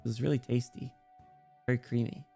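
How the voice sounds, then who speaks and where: Guy streamer rambling to chat, jokey and self-deprecating, mid pitch, bit of music low in the back. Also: level tone, a little fast, creaky, dark tone, breathy edge. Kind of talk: casual chat with viewers.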